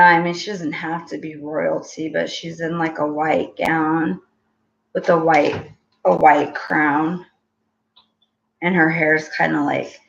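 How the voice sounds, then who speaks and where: Slow, gravelly woman rambling through a tarot reading. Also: mid-range voice. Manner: rambling and hesitant, many fillers. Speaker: tarot reader. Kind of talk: casual tarot reading vlog. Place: at home with her small child. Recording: roomy, dull lo-fi home recording.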